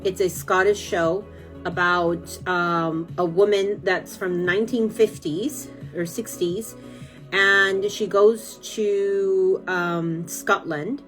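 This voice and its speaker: A woman from California, chatting casually on a live stream, rambling and gushing with lots of fillers as she answers viewer comments. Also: lowish voice.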